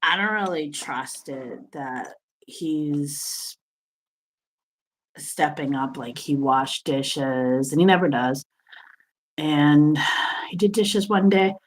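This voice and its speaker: A woman in her fifties speaking hesitantly on a video call, pausing often with sighs and small laughs. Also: deep voice, low-quality recording. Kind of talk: casual chat.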